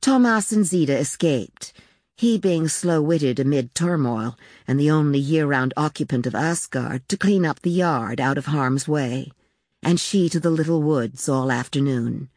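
A woman narrating a literary novel in a measured, unhurried reading. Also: low voice, expressive, darkish tone, dry recording, studio quality. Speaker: audiobook narrator.

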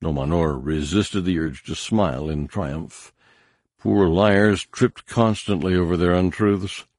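A man narrating a story in measured scripted narration, giving harsh commanding voices to the characters. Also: low-pitched, a little mellow, no room sound, studio quality. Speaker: audiobook narrator.

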